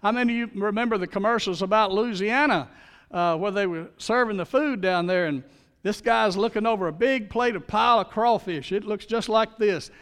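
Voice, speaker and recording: A man's voice: high voice, a little fast, fairly bright tone, long reverb tail. A man preaching a sermon as pastor, in a folksy, storytelling manner.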